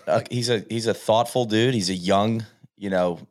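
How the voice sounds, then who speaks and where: Male podcast co-host, low voice, relaxed and rambling. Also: moderate pace. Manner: relaxed, rambling, many fillers. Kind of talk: casual golf podcast chat.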